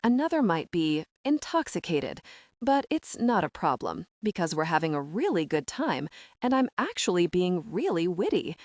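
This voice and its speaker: A woman narrating a comic audiobook in the first person, expressive and self-mocking in a flustered way. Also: lowish voice, moderate pace, no echo, studio quality.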